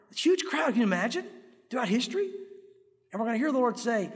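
A middle-aged male pastor preaching an earnest, animated sermon in a church, acting out crowd voices along the way. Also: very high voice, fast. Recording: echoey hall with long reverb.

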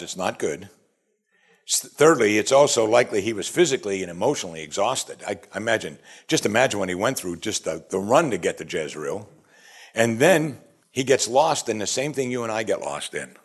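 A man preaching a sermon, animated and asking his listeners one rhetorical question after another. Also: medium pitch, husky. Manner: animated, asks the audience many rhetorical questions. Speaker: pastor.

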